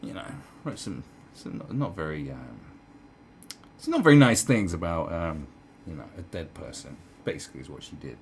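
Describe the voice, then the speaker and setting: Man, very low voice, sarcastic, rambling commentary, faint background hiss. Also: very animated, normal speed, creaky. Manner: rambling, sarcastic, many fillers. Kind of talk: casual opinion commentary.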